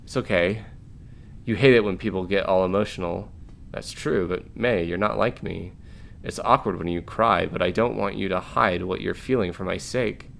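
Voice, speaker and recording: A man's voice: deep voice, moderate pace, vocal fry, fairly bright tone, slight background noise. A man reading the lines of a blunt, wry woman marine in a game, in a dry way.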